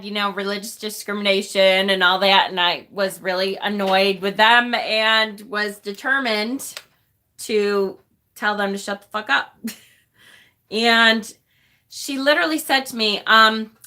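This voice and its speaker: A middle-aged woman with a bright, sharp-edged voice, chatting loosely on a livestream. She talks bluntly, swears without a second thought, and laughs often between remarks. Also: mid-range voice, unhurried. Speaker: livestream host. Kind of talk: casual livestream chat.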